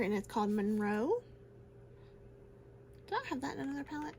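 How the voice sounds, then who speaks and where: A woman with a fairly high voice chats her way through a makeup tutorial, gushing over each shade and laughing easily. A faint hiss sits behind her voice. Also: animated, moderate pace, pauses often, a little mellow. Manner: chatty and gushing, laughs often. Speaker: beauty vlogger. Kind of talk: casual makeup tutorial chat.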